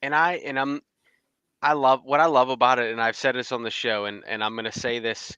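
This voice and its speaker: A man co-hosting a sports podcast, talking in a blunt, animated way and laughing often. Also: medium pitch, fairly quick, clear, resonant tone, no room sound, muffled recording. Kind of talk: casual sports chat.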